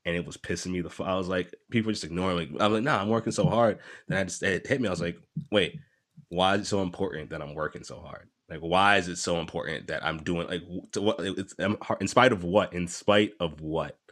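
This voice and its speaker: Low-voiced man talking candidly. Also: quick pace, a bit bright. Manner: candid, rambling, profane, laughs often. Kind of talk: casual podcast chat.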